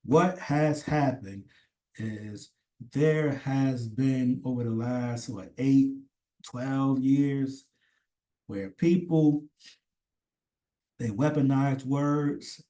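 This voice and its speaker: Speaking in a mellow, mid-range voice, the commentator draws out his words and pauses often. His casual opinion rant wanders, is full of swearing, and is strongly emphatic.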